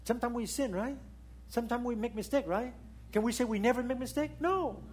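Man, pastor preaching a sermon, husky voice, non-native English, emphatic, rhetorical questions, swings between loud peaks and quiet asides. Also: very high voice, brisk.

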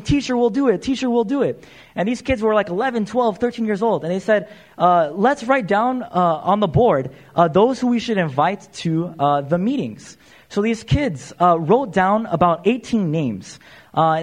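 A young man preaching a sermon, telling stories to the congregation with frequent "uh" fillers and calling them "you guys". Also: sits high. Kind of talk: sermon storytelling.

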